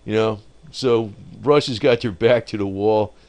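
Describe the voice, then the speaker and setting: A man's voice: on the low side, unhurried, darkish tone. A man giving rambling, off-the-cuff commentary on markets and the economy, often breaking into laughter at his own remarks.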